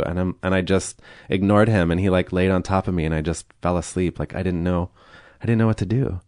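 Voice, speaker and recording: As a podcast guest, a man with a deep, low-pitched, darkish voice candidly tells a personal story, slipping into quoted dialogue and punctuating it with uneasy laughter. He speaks briskly with fairly even intonation, and the recording is dry with no room echo.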